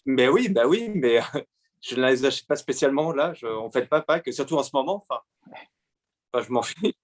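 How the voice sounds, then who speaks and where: Guest artist, man from France, forties, mid-range voice, halting delivery full of fillers. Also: mid-range voice, expressive. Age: 40s. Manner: hesitant, many pauses and fillers. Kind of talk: answering interview questions.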